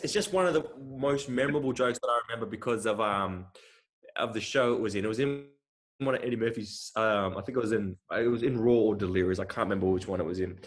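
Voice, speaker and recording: A young man from Australia, a comedian, chatting casually and telling jokes with animated character voices. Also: lowish voice.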